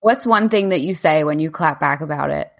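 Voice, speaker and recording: Female podcast host, slightly low pitch, casual interviewer with a relaxed manner. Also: a little fast, vocal fry. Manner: relaxed, conversational questioning.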